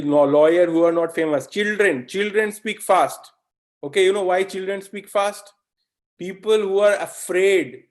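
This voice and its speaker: A man from India gives a live online lesson with a slightly raised pitch. He keeps it conversational, peppering his points with "okay?" and direct questions to the audience, and now and then mimics fast talkers for effect. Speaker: webinar instructor.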